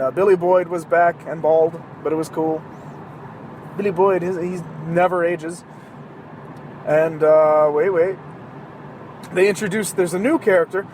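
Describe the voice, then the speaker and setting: A man with a notably high-pitched voice rambles casually from the driver's seat, his talk loose, profane and sarcastic. He jokes his way along as soft road noise hums faintly behind him. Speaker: podcast host. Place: inside a moving car.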